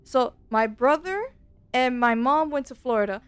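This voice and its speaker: A woman streaming a game and chatting casually, telling stories in an animated, slangy way from a dark room at home into a desk mic. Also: high voice, normal speed, smooth, no room sound. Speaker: VTuber streamer.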